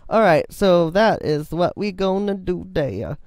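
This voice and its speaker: A man's voice: high voice, animated, a little slow, a little mellow, dry recording, clean studio sound. A man giving rambling, self-mocking, jokey commentary while building in a game. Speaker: game video host. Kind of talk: casual gameplay commentary.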